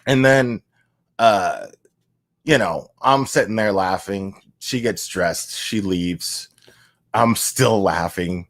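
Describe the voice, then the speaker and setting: Guy casually telling a crude story, slow drawl, laughing along, dry sound. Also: fairly low pitch, fairly bright tone, no room sound.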